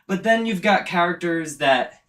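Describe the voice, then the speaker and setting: Bright-voiced man rambling casually. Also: high-pitched, expressive, moderate pace. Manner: rambling, self-aware. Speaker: vlogger and haunt actor. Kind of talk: casual chat. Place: indoors, setting up an animatronic.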